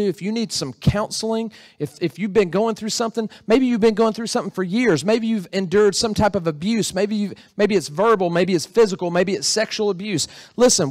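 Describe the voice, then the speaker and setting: In a church sanctuary, a male pastor with a somewhat high voice preaches a sermon, chatting conversationally and putting questions to the congregation. The recording is clean studio sound with no room noise.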